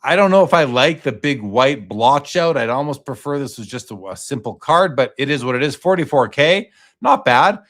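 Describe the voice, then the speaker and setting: A man hosting a live auction stream in a relaxed, chatty way. He reads out card grades and prices, gives quick verdicts, and passes questions to his guest. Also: medium pitch. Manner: casual, reads out lot details and asks the guest questions. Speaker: host.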